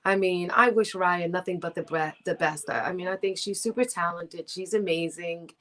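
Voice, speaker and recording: A middle-aged woman, a guest singer, chatting in an interview over a video call and telling stories with animated, acted-out quotes. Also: lowish voice, moderate pace. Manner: animated, acts out quoted voices with big jumps. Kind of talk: casual interview storytelling.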